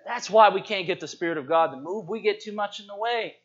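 A male preacher with a fairly high voice delivers a lively sermon to a congregation, dropping to quiet asides and then rising to shouts. The recording is dull and lo-fi. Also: brisk. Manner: lively, call-and-response preaching, swings from hushed to shouting. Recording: dull lo-fi sound.

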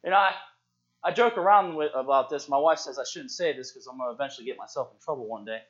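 A man preaching a sermon in a church, calling out to the congregation and swinging from hushed asides to shouts. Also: mid-range voice, fast talker. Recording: dull lo-fi sound.

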